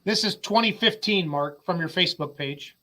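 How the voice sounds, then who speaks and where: Male co-host, casual joker, high-pitched and bright. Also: normal speed. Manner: joking, teasing. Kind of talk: casual interview chat.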